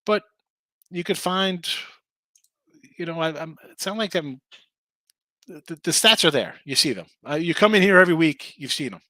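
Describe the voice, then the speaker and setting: A man hosting a sports betting stream in a casual, rambling way, reading out picks and records and talking back to his chat. His voice is bright and forceful and sits a little high. The sound is dry and close, with no room echo. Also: lively intonation, normal speed, pauses often. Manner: rambling, reads out picks and chat names, restarts often. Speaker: sports betting show host.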